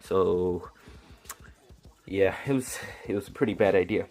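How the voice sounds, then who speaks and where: A man giving a casual anime review, retelling the plot in an excited, rambling way with many restarts. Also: low-pitched, unhurried, soft background music.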